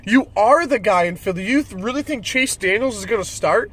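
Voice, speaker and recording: A man's voice: high voice, animated, fairly quick, few pauses, fairly bright tone, breathy edge. A man ranting about football as a fan commentator, irritated and swearing freely. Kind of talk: solo sports rant.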